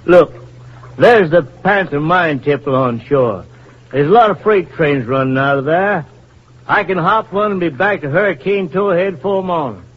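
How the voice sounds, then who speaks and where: A stubborn young backwoods flute player. He talks plainly and earnestly, his voice husky and a touch high. The sound is dull and muffled, like an old radio broadcast. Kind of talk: 1940s radio acting.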